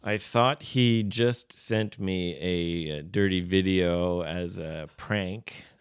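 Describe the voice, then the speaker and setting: A man's voice: sits low, takes it slowly, clean tone, no room sound, studio quality. A man co-hosting a casual podcast, chatting easily and reading listener messages aloud. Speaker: podcast co-host.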